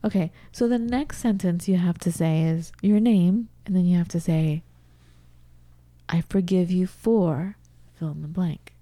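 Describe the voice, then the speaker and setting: A middle-aged woman speaks earnestly and with open emotion into a studio mic, drifting into soft whispers and small laughs. Her voice is very dark and mellow, sitting somewhat low for a woman. The sound is close and dry. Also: moderate pace, hardly any pauses, dry recording. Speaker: podcast co-host. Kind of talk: casual podcast talk, demonstrating an exercise. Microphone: studio microphone.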